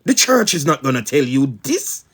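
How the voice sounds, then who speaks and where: A man's voice: on the high side, sing-song, normal speed, a bit bright, husky. A man with a Jamaican accent, preaching as a spiritual teacher in an emphatic, repetitive patois-laced monologue.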